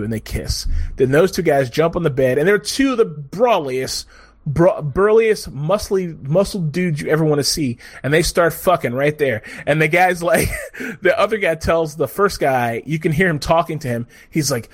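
A man's voice: on the high side, lively intonation, brisk, no room sound. A man casually griping about a bad comedy film, rambling and swearing, acting out scenes in quoted voices. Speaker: movie reviewer. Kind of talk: casual profane chat.

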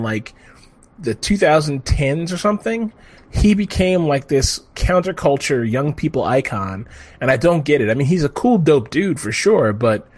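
A man's voice: medium pitch, breathy edge. A man co-hosting a podcast, chatting casually in a rambling, profane way with lots of fillers. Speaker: podcast co-host. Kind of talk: casual chat.

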